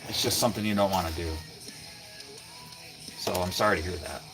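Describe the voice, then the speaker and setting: A man's voice: sits low, brisk, over music. A man hosting a casual livestream from a cold garage, rambling and greeting viewers by name. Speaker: livestream host. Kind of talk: casual live-stream chat with viewers.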